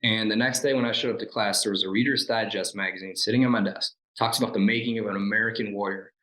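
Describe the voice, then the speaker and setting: In poor audio from an echoey room, a man in his forties with a lowish voice talks fast as an interview guest. A former Navy SEAL, he relates his life story animatedly, acting out people's lines to him and laughing at himself.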